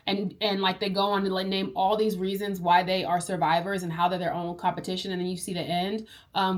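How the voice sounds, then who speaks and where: A woman's voice: medium pitch, steady tone, normal speed, few pauses, a bit bright. Woman book-club vlogger, casual chatty recap with swearing and fillers. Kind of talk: casual book review chat.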